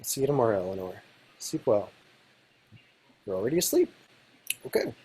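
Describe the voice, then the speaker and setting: A woman reading a patient, kind male friend who gently coaxes his drunk friend home. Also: rumbling low, wildly swooping pitch, normal speed, slight background noise, heavily acted. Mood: gentle.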